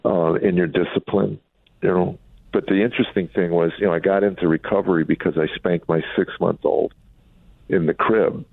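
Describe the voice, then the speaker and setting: A man's voice: low-pitched, creaky, no echo. A middle-aged comedian from Chicago telling wry, candid stories about his family in an interview. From Chicago, USA. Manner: reflective, wry, acts out family quotes. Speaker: comedian and author, guest. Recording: dry phone-line sound.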